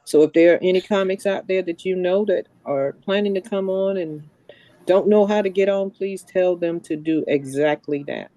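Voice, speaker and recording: A woman host with a mellow, warm tone talks in a chatty, wandering way. Her voice is dry and close, heard through a video call. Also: on the low side, moderate pace, no room sound. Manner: chatty, meandering instructions. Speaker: host of online comedy marathon. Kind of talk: casual hosting over a video call.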